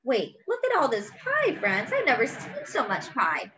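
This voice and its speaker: Woman, children's read-aloud, expressive, lively, bright, dull lo-fi sound. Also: high-pitched, a little slow. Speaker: children's story reader.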